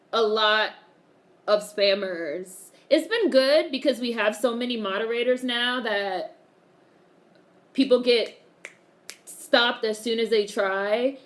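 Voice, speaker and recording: Her voice is rather high and fairly bright. She hosts a casual live stream, chatting away, reading comments from viewers, cursing freely and breaking into frequent laughter.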